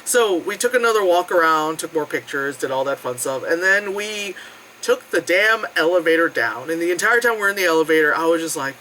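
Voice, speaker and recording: A vlogger tells a trip story in a loose, rambling way, with plenty of fillers and swearing. The voice leaps around a wide, lively pitch range. The tone is bright and sharp. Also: a little fast, a little hiss or hum, low-quality recording. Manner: animated, jumping between high and low tones. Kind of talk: casual travel storytelling.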